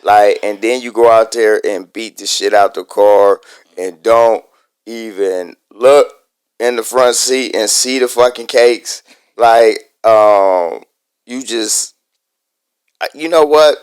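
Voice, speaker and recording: A man's voice: on the low side, slow pace, clear, resonant tone, dry recording, studio quality. A man co-hosting a podcast, laid-back and laughing as he jokes with some profanity. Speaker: podcast co-host. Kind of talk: casual podcast banter.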